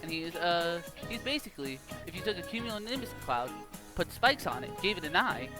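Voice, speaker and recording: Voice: mid-range voice, animated, a little fast. A teenage student narrating a class video project, ranking things with mock confidence and a formal sign-off. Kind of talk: tongue-in-cheek ranking commentary for a class video. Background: background music.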